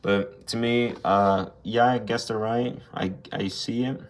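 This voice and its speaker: Speaking a little slowly in a steady, fairly low-pitched voice, a young man reviews an action figure casually and without a script. His talk rambles, with free swearing and blunt criticisms.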